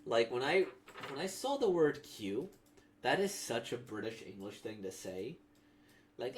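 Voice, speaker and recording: A man's voice: medium pitch, very animated, measured pace, slight background noise. A man reacting to a comic he has just read, talking casually in a rambling way full of fillers. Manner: rambling, filler-heavy talk. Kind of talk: casual commentary.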